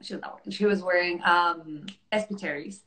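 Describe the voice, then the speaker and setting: A woman's voice: lowish voice, normal speed, pushed and bright, roomy sound. A woman from Mexico, hosting a casual interview and chatting with many fillers, sometimes acting out quotes. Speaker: host and technical specialist.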